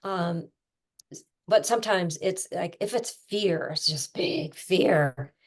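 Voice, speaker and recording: Low gravelly woman coaching. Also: slow. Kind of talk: casual conversational teaching.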